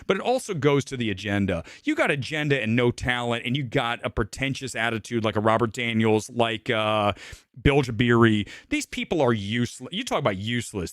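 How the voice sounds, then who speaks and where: A man's voice: mid-range voice, fairly bright tone, no room sound, clean studio sound. A middle-aged man from Ohio hosting a movie talk livestream, ranting casually and profanely. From Ohio, USA.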